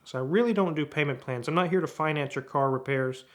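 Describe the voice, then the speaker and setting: Fairly high-voiced man telling a story. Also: fast. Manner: animated, acts out both sides of dialogues. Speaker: auto repair shop owner. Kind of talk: storytelling to camera.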